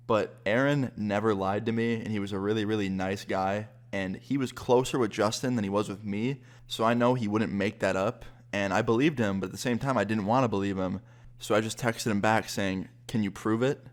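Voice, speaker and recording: Young man telling a storytime vlog. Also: on the low side. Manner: casual, animated retelling with quoted dialogue. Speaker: YouTuber.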